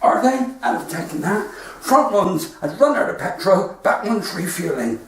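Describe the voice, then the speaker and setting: This West Country comedian's voice is high-pitched and expressive, at a normal speed. He livestreams stand-up from his front room, spinning chatty stories full of quoted dialogue. A distant mic picks him up in a very echoey room with faint noise.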